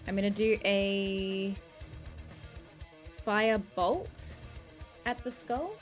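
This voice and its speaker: A woman's voice: mid-range voice, drawn-out words, faint music behind. A woman playing a tabletop game, speaking hesitantly with many fillers and wry self-deprecation. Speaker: player. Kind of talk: casual game chat.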